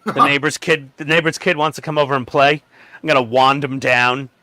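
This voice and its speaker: A man chatting casually with friends during a model-building stream, telling lively stories and acting out the people in them. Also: fairly quick, no echo. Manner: animated storyteller who acts out quotes with sudden pitch jumps. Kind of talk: casual group chat while building.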